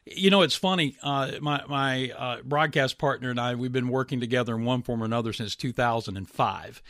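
A man's voice: mid-range voice, a little fast, a bit bright, no room sound, clean studio sound. A man in his late fifties, a baseball broadcaster hosting an interview, talking in a folksy, chatty way with self-deprecating humor. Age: 50s. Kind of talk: casual interview chat.

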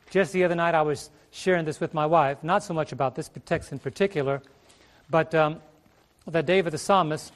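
A middle-aged male preacher teaching a Bible study sermon on a ministry stage, asking rhetorical questions and repeating his phrases. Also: on the high side.

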